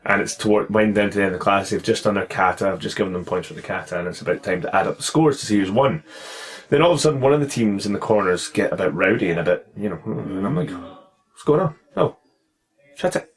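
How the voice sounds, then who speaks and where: A man hosting a casual podcast, telling a story in an animated way, swearing freely and laughing as he goes. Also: lowish voice, quick pace. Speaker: podcast host and karate instructor.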